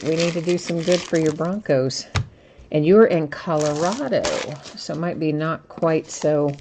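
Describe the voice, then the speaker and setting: A woman with a low voice hosts a live card break from her table, chatting casually with viewers and greeting them by name. She explains the rules patiently and at length. Faint noise sits under her voice. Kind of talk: casual live-stream chat. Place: indoors at a table.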